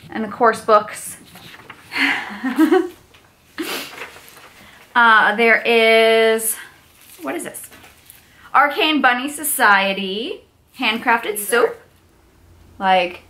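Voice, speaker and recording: A woman's voice: on the high side, pushed and bright. A young woman vlogger unboxing gifts, gushing with squealing exclamations. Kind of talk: unboxing vlog.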